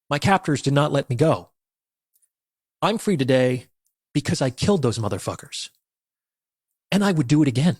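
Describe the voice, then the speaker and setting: A man delivers a fierce motivational monologue, declaiming each point and swearing. His voice sits somewhat high for a man. The recording is dry, with no room sound. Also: no room sound. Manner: forceful, declamatory, profane. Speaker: motivational speaker.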